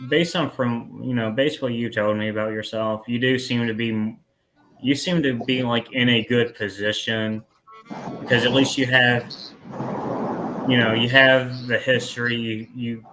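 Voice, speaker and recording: A man's voice: medium pitch, steady tone, unhurried, over music, rough recording. A man hosting a podcast in casual chat, rambling along, laughing easily and tacking "man" onto his sentences. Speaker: podcast host.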